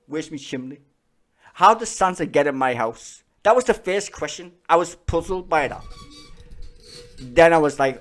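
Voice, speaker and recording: A man telling stories in casual chat, animated and full of swearing and laughter. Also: a little high.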